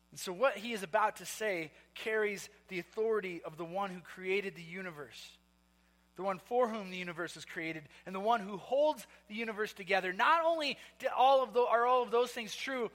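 A man's voice: high-pitched, normal speed, a bit bright, in a large hall. A man preaching a sermon, telling a story in a loose, conversational way with restarts and fillers. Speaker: pastor.

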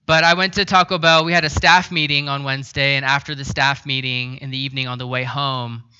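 A man preaching a sermon as a pastor, telling a self-deprecating story in a relaxed, conversational way. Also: medium pitch, brisk, muffled recording, slight background noise.

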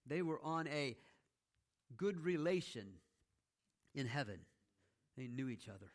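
A man's voice: medium pitch, animated, a little slow. A male pastor preaching a sermon in a conversational teaching style, telling a story with playful asides and often checking in with "okay?".

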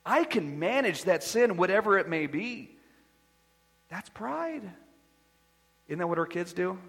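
A man with a high, husky voice preaches a sermon, dropping to quiet asides and then rising to loud declarations. His voice rings with the long reverb of a church hall. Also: sing-song, measured pace. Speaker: pastor.

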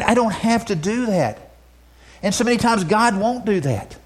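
A male pastor with a high voice preaches a sermon, shifting between loud, emphatic declarations and soft, hushed asides. He often repeats words as he restarts phrases.

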